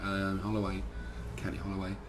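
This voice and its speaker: A man's voice: low-pitched, completely flat delivery, brisk, soft background music. Swearing man telling stories. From London, second generation Irish. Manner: swearing, rambling anecdotes with lots of fillers. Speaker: band member. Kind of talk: casual interview storytelling.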